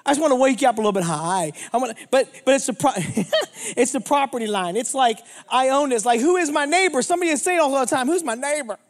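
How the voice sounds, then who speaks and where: A man with a notably high voice delivers a lively, humorous sermon. He jokes with the congregation and keeps firing questions at them. He sounds like a seasoned minister in his fifties. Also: fast talker. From Pittsburgh, United States. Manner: energetic, joking, asks the crowd questions. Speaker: traveling minister.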